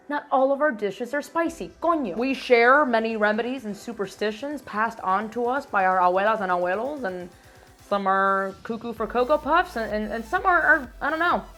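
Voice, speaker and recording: A young woman from Miami talks through her year in a casual vlog. She is animated and emphatic, throwing in Spanish words and the odd curse. Her voice sits a little high, with soft music playing quietly behind her. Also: moderate pace, few pauses. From Miami, United States. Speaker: vlogger.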